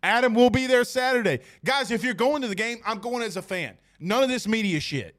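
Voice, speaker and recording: A man with a high voice hosts a casual sports podcast. He talks with animation and jokes as he speaks straight to his listeners. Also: lively intonation, fairly quick, a bit bright.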